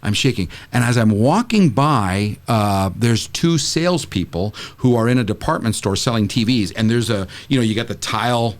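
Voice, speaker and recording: A man's voice: normal speed, hardly any pauses. A middle-aged man from California telling a story in a casual podcast chat, acting out the people he quotes. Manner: animated storyteller who acts out quotes with big pitch jumps. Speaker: regular guest, the show's dad figure. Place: studio.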